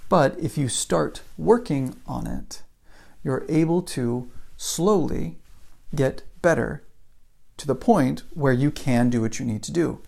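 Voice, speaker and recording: A man's voice: mid-range voice, takes it slowly, creaky, a little mellow. A man giving a casual motivational talk, telling a story and building it up with repeated phrases. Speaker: motivational speaker.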